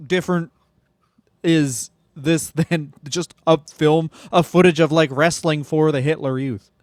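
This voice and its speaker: A man co-hosts a comedy podcast, riffing and joking casually. His voice sits fairly high. The sound is close and dry, with no room around it. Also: fairly even intonation, no echo. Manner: riffing, jokey, with quick impressions. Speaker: podcast co-host.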